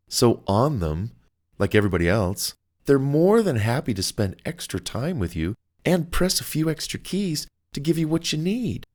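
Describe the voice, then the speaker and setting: A man's voice: on the low side, a little mellow. A man narrating his own self-help audiobook in a chatty, coaching way. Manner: conversational, acts out quoted phone calls; upbeat and coaching. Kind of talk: motivational audiobook talk.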